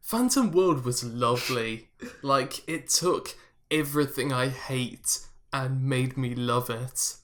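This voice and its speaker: A man's voice: mid-range voice, slow pace, few pauses, fairly bright tone. A man hosting a casual anime podcast, teasing his co-hosts with dry banter. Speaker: podcast host.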